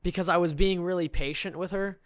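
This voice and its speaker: A man with a fairly high voice tells an outraged story on a podcast. He builds up, gets louder and laughs between lines. The sound is dry and close. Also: steady tone, fairly quick, no echo. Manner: indignant, building, with bursts of laughter. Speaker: podcast guest. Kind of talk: animated storytelling rant.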